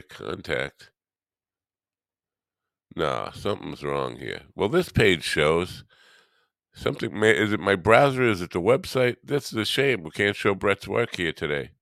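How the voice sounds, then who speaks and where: Hosting a morning live stream, a man with a very deep, gravelly, slightly bright voice rambles and teases his chat in a self-deprecating way. He sounds drowsy and half awake. The sound is dry and close, with no room around it and no echo.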